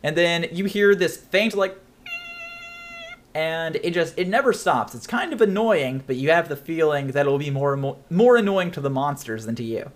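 A man's voice: on the high side, expressive, moderate pace, slight background noise. Chatty man running a tabletop game. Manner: chatty, laughs often, loose and rambling. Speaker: game master.

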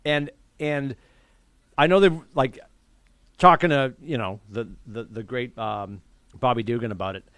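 Man, podcast co-host, casual sports chat, animated rants, dry close sound, middle pitch. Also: a little slow, no echo. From New England. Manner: animated, laughs while ranting.

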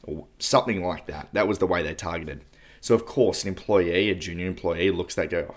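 A man co-hosting a podcast, calmly walking through how a scam works in casual chat. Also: deep voice, a little fast. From Australia. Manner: explanatory, steady walkthrough. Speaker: podcast co-host.

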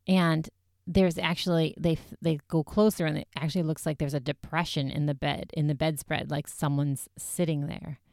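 Young woman, low smooth voice, chatty recap, lots of fillers, dry close sound. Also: normal speed, dry recording. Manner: chatty, animated retelling with many fillers. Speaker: podcast host recapping a show. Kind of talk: casual recap chat.

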